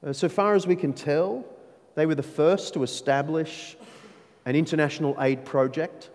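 A man preaching a sermon, emphatic and animated, with playful asides to his listeners. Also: on the high side, normal speed. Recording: long reverb of a large hall.

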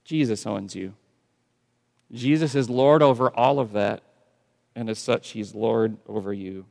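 A man's voice: lowish voice, measured pace, gravelly. Dynamic preaching man in a reverberant hall. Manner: dynamic preaching, swinging from hushed to loud emphatic. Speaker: pastor. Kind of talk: sermon.

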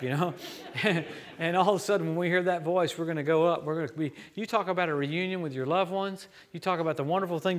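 A man with a notably high voice preaches with an American accent. He delivers his sermon in a lively, joking way that swings up into sudden loud bursts. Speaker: guest preacher.

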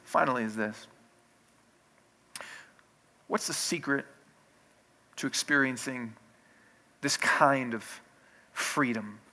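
A man's voice: mid-range voice, slow, long pauses, pushed and bright. A man preaching a sermon in a conversational way, with restarts, building in intensity. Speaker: pastor.

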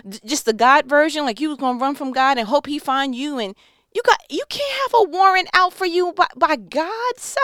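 High animated woman preaching. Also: moderate pace, no room sound, clean studio sound. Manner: slangy, animated, joking. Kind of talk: casual sermon.

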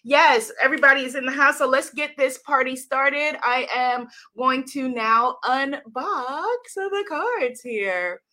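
A woman author hosting a live stream, chatting with viewers and greeting them by name with lively enthusiasm and frequent laughter. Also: sits high, slow, few pauses. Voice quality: bright, bubbly. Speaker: author and livestream host.

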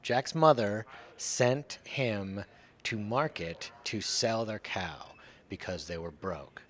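A man's voice: fairly low pitch, takes it slowly, a bit bright. A man retelling a fairy tale with dry, wry humor. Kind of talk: comic storytelling.

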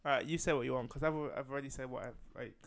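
A man's voice: mid-range voice, steady tone, rapid-fire. A man co-hosting a casual football podcast, easygoing and analytical. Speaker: podcast co-host.

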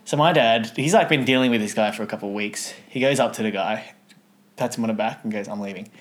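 Casual male podcast co-host, mid-pitched, laughing storyteller. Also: quick pace. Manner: animated, laughing while telling anecdotes.

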